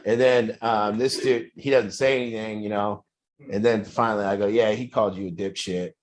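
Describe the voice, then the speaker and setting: A man's voice: fairly even intonation, moderate pace. Rambling man telling a story. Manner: rambling, full of fillers and restarts; acts out quoted lines in a higher, pressing voice. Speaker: group speaker telling a story. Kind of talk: casual storytelling.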